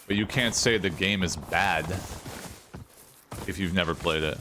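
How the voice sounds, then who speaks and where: A man's voice: deep voice, measured pace, background noise. A young man giving casual gameplay commentary as a streamer, blunt, opinionated and rambling. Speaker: gaming streamer. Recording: game sounds clearly behind.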